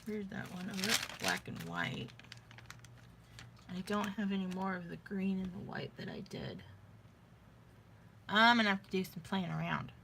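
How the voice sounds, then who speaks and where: A woman's voice: mid-range voice, sing-song, normal speed, vocal fry, long pauses, noisy background. A woman vlogging in a casual, rambling way, thinking aloud as she shows her beadwork. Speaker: vlogger showing beading crafts. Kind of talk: casual chat.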